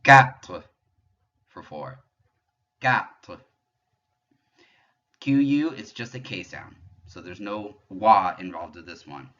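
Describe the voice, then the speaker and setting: A man giving a patient pronunciation lesson, explaining French sounds step by step and demonstrating them slowly. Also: on the low side, a bit bright, highs cut off. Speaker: French teacher.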